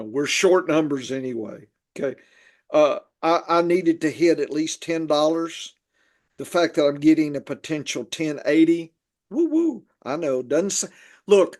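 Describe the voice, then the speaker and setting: Podcast host, male, a bit high-pitched, loose, jokey and rambling. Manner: rambling, jokey, talks over his co-host. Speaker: podcast host, fantasy football analyst. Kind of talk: casual podcast chat.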